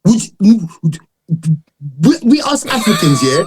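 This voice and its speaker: Easygoing man with a lively, bendy voice. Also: high-pitched, a little slow, noisy background. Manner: relaxed, keeps asking "you know what I'm saying". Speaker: podcast guest. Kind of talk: casual chat.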